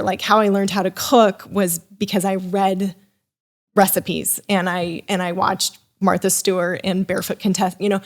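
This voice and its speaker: A young woman tells a personal story as a podcast guest, talking in a loose, animated way. She circles back and restarts her sentences often, and she slips into quick voices for the people she quotes. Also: medium pitch. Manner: animated, rambling with many restarts and fillers. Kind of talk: casual storytelling.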